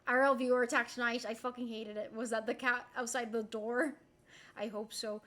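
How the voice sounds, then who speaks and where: A woman's voice: on the high side, level tone, normal speed, fairly bright tone. A young woman from Rico, chatting casually with her stream chat in a playful, giggly way and swearing now and then. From Puerto Rico.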